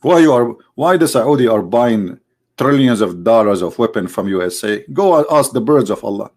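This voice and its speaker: A man from the Middle East with an Arabic accent, hosting a live stream in a mocking, theatrical monologue that jumps between high exclamations and low asides. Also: animated, moderate pace, a little mellow. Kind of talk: sarcastic monologue.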